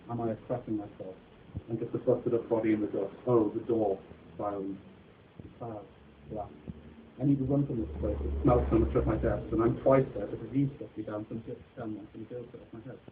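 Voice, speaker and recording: A man's voice: lowish voice, a little hiss or hum. A man performing his own poetry live in a dramatic, incantatory way, repeating refrains, on a muffled recording. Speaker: poet.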